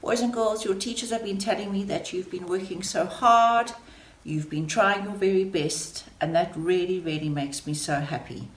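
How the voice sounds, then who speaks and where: A woman's voice: on the low side, moderate pace. A woman who leads the school, encouraging young children in an assembly message. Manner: warm encouraging address to children. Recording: echoey room.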